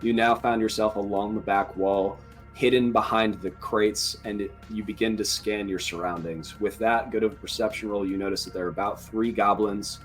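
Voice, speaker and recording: Low-voiced guy dm'ing a tabletop game, jokey and laid back, faint music behind. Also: normal speed. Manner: joking, relaxed narration. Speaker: dungeon master.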